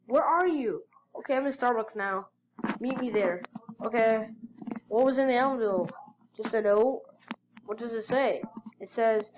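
A woman hosting her channel, reading chat stories aloud with excitable, gasping reactions. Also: high-pitched, a little hiss or hum, rough recording. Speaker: channel host.

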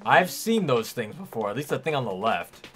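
A man's voice: mid-range voice, big pitch swings, normal speed, a bit bright, soft background music. A man streaming a video game and reacting with casual, joking commentary, sometimes swearing.

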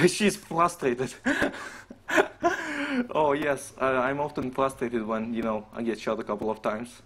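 Excitable man narrating his game role-play. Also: mid-range voice, measured pace. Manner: excitable, swears a lot, laughs often. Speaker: streamer playing a role-play server.

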